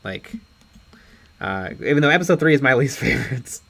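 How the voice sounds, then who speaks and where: A man's voice: medium pitch, lively intonation, moderate pace, creaky, fairly bright tone. A man co-hosting a late-night painting stream, chatting casually and telling rambling stories. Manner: rambling storyteller, acts out voices. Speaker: stream co-host. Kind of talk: casual chat while painting miniatures.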